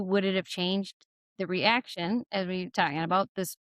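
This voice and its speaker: A woman's voice: medium pitch, normal speed, dry recording. A woman hosting a podcast interview in a conversational way, often acting out quotes in a raised voice. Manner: animated, acts out quotes in a raised voice. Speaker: podcast host.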